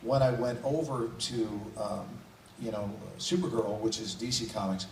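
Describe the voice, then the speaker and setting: A man's voice: lowish voice, steady tone, moderate pace. A man speaking as a guest actor on a convention panel, joking playfully with the audience. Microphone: phone recording from the audience. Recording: echoey room, distant phone mic, noisy.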